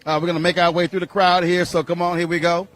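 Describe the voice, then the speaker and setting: A man's voice: high voice, little pitch movement, fast talker, a bit bright. A man reporting from an outdoor event crowd, chatting with guests in an upbeat, familiar, teasing way. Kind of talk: roving interviews at an outdoor event.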